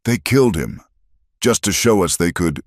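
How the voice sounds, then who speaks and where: A man playing a tense, deep-voiced cowboy. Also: sing-song, moderate pace, no echo, clean studio sound. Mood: stricken. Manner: tense, clipped. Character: hard-bitten cowboy under siege, grieving.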